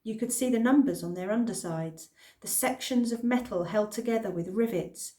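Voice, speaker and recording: A woman reading a children's novel aloud in the first person, with expressive storytelling. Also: mid-range voice, normal speed. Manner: expressive storytelling, lively emphasis. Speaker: reader. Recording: roomy echo.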